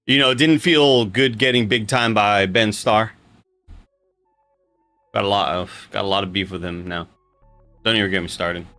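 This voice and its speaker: A young man rambling to his stream chat, joking and cursing casually as he goes. His voice sits low but sounds bright and forceful. He talks loosely, trailing off and restarting often. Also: moderate pace, long pauses, soft background music. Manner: rambling, joking, swears freely.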